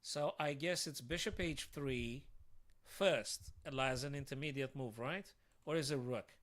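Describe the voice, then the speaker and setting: A man streaming live chess puzzles, with a medium-pitched voice. He thinks aloud to his viewers as he works through the moves and keeps breaking into excitable, frustrated outbursts. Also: a little slow.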